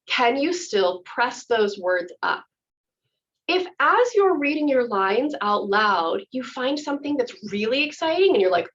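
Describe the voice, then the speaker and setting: A woman's voice: on the high side, very animated, a little slow, fairly bright tone, slight background noise. A woman acting teacher giving a chatty, enthusiastic workshop explanation. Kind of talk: workshop instruction. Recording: dull lo-fi audio.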